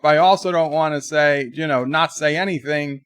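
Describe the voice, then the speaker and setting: A man's voice: a little high, steady tone, normal speed, fairly bright tone, clean tone, no room sound. A man hosting a casual live stream, rambling between topics and reading viewer chat aloud.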